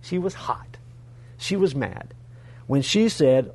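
A male pastor preaching a sermon, retelling a story in an animated way with humorous asides to the congregation. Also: medium pitch, slow, husky.

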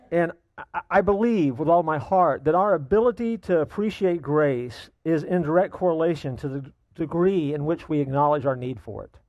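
Emphatic middle-aged pastor preaching. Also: male voice, a little high, darkish tone, no room sound, muffled recording. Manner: emphatic, repeats key lines for weight. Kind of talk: sermon.

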